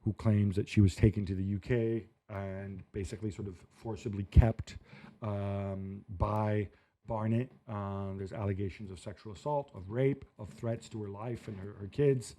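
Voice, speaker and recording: A man's voice: fairly low pitch, steady tone, normal speed, mellow, a little hiss or hum. A man talking football as an analyst on a sports panel, thoughtful and hesitant, with many fillers.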